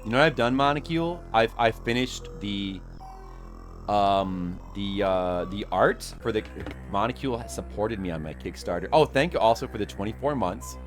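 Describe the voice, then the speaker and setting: A man's voice: lowish voice, moderate pace, soft background music. A man streaming a game, rambling and self-deprecating as he chats with his viewers. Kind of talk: casual live-stream chat.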